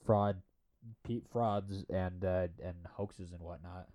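A young man in casual podcast chat, telling animated stories and acting out the people in them in a high voice. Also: slow pace, poor audio. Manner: animated storytelling, acts out quoted people in a high voice.

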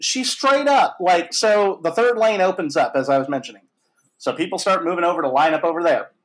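Brief: thirties male host, upbeat raconteur, slightly high voice, loose and chatty. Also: fairly quick, low-quality recording. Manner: animated, lively storyteller with frequent fillers and mild swearing. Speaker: podcast host. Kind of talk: casual storytelling chat.

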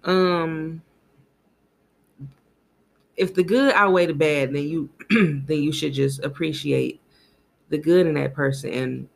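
A woman co-hosting a casual podcast, giving relaxed, rambling advice with frequent "you know.". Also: low-pitched, slow, creaky, pauses often. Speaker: podcast co-host. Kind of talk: casual chat.

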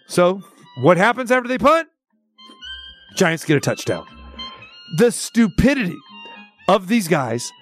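Sports radio guy, high voice swinging all over, incredulous rant, faint music under. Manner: ranting, incredulous, rhetorical questions. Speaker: sports talk host. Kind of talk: opinion rant segment.

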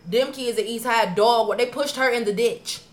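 A woman on a podcast telling stories in casual chat, profane and animated, acting out her own past arguments. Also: a little high, normal speed. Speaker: podcast co-host.

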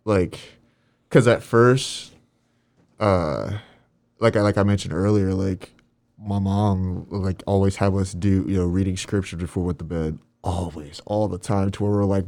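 A man in his twenties chatting as a guest, an animated storyteller who trails off softly at the ends of thoughts. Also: deep voice, unhurried, dry recording, clean studio sound. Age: 20s. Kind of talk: casual faith chat.

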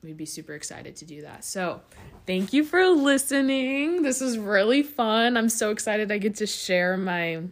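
A chatty young woman hosting a casual podcast with her best friend. Her voice sits at a middling pitch, and her talk is loose and filled with "like.". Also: expressive, normal speed. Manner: chatty, says "like" often. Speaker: podcast host. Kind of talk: casual chat.

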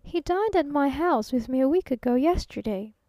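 Gracious young lady, soft and polite, high voice, read by a woman. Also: expressive, moderate pace, dry recording, dull audio.

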